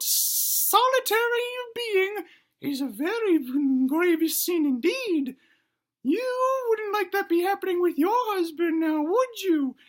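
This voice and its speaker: A man voicing a prim, scolding old grandmother spirit in comedic storytelling, in a high, quavering, old-fashioned manner. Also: fairly bright tone, exaggerated voice.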